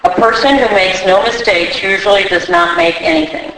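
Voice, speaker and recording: A woman reading a daily reflection aloud in a measured, steady way. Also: mid-range voice, slight background noise. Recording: far from the mic in a very echoey room.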